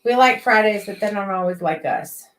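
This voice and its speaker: A woman's voice: medium pitch, normal speed. A woman co-hosting a casual late-night livestream, chatty and reading viewer comments aloud. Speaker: livestream co-host. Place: metal shop.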